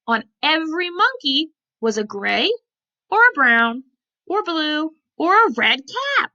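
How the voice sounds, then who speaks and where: Animated woman reading a storybook to kids. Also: high-pitched, slow. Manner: animated, asks the children questions. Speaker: preschool teacher. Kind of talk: reading a picture book aloud to children. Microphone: computer mic. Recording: lo-fi computer recording.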